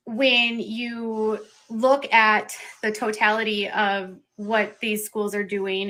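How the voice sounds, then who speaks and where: A woman hosting a live stream, talking earnestly about a serious issue in quick bursts. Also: medium pitch, pushed and bright, low-quality recording. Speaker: livestream host. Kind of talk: serious commentary on a social issue.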